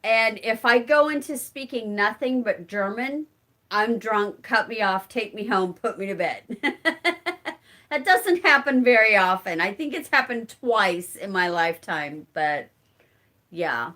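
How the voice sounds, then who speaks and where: A woman's voice: medium pitch, animated, measured pace, bright, forceful tone. A woman with a Southern Illinois accent hosting a casual live-stream chat, answering viewers by name and laughing often. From Southern Illinois, rural community. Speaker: channel host reading live chat.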